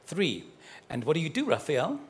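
A husky, somewhat high-pitched man delivers a live sermon, giving personal prophecies to people in the congregation. He is fervent and affectionate, speaking directly to each listener and mixing warmth with jokes and laughter. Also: huge pitch swings, moderate pace.

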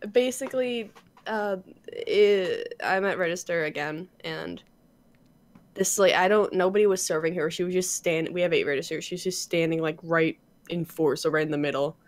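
A young woman co-hosting a podcast, chatting casually, swearing freely and laughing loudly as she tells stories. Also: lowish voice, normal speed. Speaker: podcast co-host. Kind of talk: casual chat.

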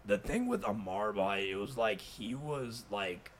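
Deep-voiced young man in emotional talk. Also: sing-song, unhurried, a little hiss or hum. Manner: emotional, rambling, heavy cursing, mixes in Urdu words. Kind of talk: casual conversation.

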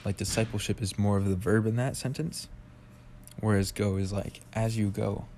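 A man's voice: on the low side, fairly even intonation, moderate pace, warm tone, a little hiss or hum. A young man hosting a casual Bible study podcast, talking loosely and rambling, with a lot of "like" and restarts. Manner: loose, rambling, heavy use of "like". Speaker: podcast host.

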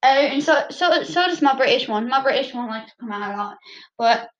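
A woman's voice: high-pitched, expressive, brisk, fairly bright tone, muffled recording. A woman with a Southern American accent chatting casually and ramblingly to her viewers about the songs she plans to sing. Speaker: vlogger singing covers.

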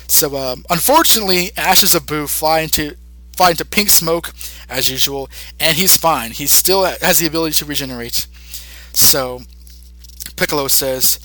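Male podcast co-host, animated recapper, bright tone, dry booth sound. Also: fairly high pitch, dry recording, poor audio. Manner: animated, acts out character lines in quick put-on voices. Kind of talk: casual episode recap.

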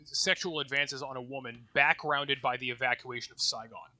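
Male co-host with a bright, sharp timbre; loose, rambling conversational delivery. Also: medium pitch, steady tone, normal speed. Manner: loose and rambling, with restarts and swearing. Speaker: podcast co-host. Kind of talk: casual discussion of poetry.

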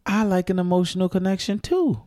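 A man in his thirties with a fairly high voice tells playful, frank stories in a relaxed podcast chat. The sound is dry and close, with no room echo, and he keeps pressing on with his story. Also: brisk. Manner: joking, storytelling, keeps asking to finish. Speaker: podcast co-host. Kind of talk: casual chat.

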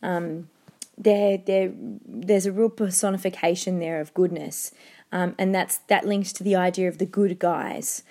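Mellow-voiced woman teacher, hesitant. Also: fairly low pitch, fairly even intonation, measured pace. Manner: hesitant, with frequent ums and restarts. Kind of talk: reading aloud and discussing a novel in class.

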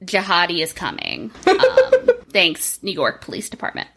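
A woman's voice: lowish voice, huge pitch swings, unhurried, gravelly, background noise. Woman, podcast co-host, joking, irreverent, swears freely. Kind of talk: casual chat.

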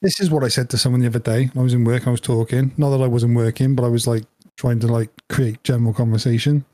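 A man in easy podcast banter, his voice mellow and dark in tone. He spins playful what-if scenarios and slips into little bits of dialogue. The sound is close and dry. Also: mid-range voice, fairly even intonation, quick pace, no room sound. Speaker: podcast co-host. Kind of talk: casual chat.

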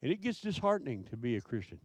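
A man preaching a sermon, asking his listeners question after question in a slow, emphatic way. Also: medium pitch, very animated, dry recording. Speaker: pastor.

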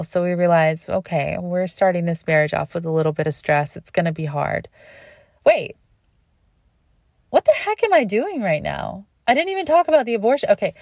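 A woman in her thirties tells a personal story in an unguarded, self-interrupting way. Her voice sits on the lower side, and the recording is close and dry with no room sound. She rushes through anxious thoughts and sinks to a near hush on the hardest parts. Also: dry recording. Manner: candid, self-interrupting, laughs at herself; speeds up and drops to a hush when reliving moments.

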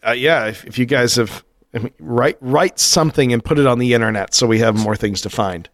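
A male podcast co-host who jokes and riffs, his voice at an everyday middle pitch. He sounds close and dry, with no room echo. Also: fairly bright tone. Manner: joking, riffs quickly with laughs. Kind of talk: casual podcast chat.

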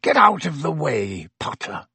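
A man's voice: fairly high pitch, big pitch swings, measured pace, creaky, pushed and bright, husky, no room sound, exaggerated voice. A man voicing a cold, vindictive middle-aged male schoolteacher who speaks silkily and hisses. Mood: spitting fury. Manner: silky, hissing, rising to shrieks.

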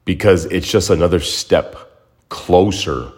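Low and a little mellow, this young podcast host talks at a measured pace. Alone at the mic, he shares his personal story casually, reflective and emotional, circling back over the same words as he works out what to say.

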